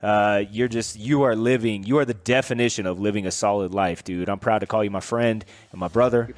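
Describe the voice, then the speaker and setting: A man's voice: lowish voice, fairly even intonation, fairly quick, dry recording, clean studio sound. A man hosting a podcast in a casual, effusive way, heaping praise on his guest and calling him brother and dude. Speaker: podcast host. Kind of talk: casual interview chat.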